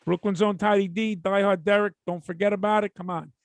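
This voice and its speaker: A man's voice: high-pitched, steady tone, a little fast, creaky, no room sound. A man, co-hosting a podcast in profane, boisterous banter. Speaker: podcast co-host. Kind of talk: casual chat.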